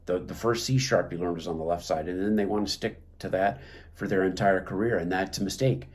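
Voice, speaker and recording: Man, lowish voice, clarinet teacher, halting delivery, instructional talk. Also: fairly even intonation. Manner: hesitant, many fillers and restarts.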